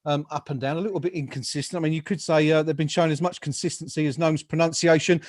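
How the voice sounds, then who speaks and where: A man's voice: a little high, steady tone, fast, a little mellow, no echo, clean studio sound. A man hosting a casual football chat over a remote call, rambling with fillers and jokes. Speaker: podcast host. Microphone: home mic, remote call.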